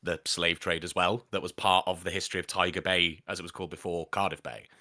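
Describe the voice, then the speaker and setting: Guy rambling in a relaxed chat, lowish bright voice, dry close mic. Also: quick pace, no echo. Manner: rambling, talks about regional accents. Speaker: audio drama maker. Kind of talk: casual chat.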